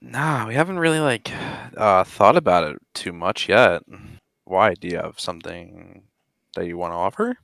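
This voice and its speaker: A man's voice: low voice, lively intonation, moderate pace, gravelly, fairly bright tone, dry recording, studio quality. A man playing his character in a tabletop game, casual and easygoing. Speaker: player.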